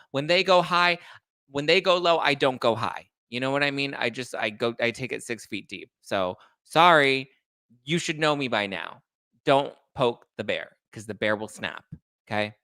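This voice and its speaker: Sassy animated man with gravelly voice. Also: a little high, no room sound. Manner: sassy, animated, quick to fire up with bursts of loud outrage. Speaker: podcast host reading live chat. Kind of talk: casual livestream chat.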